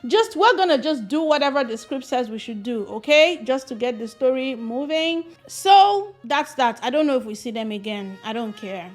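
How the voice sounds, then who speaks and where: A woman giving a casual, profane film review, sarcastic and animated, switching between loud outbursts and muttered asides. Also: high voice, normal speed, few pauses, soft background music.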